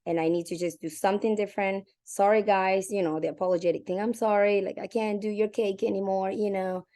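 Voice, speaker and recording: A woman in her forties telling her own story casually, animated and chatty, acting out what she and others said. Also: medium pitch, a little fast. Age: 40s. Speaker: community member sharing her story. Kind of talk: casual testimonial.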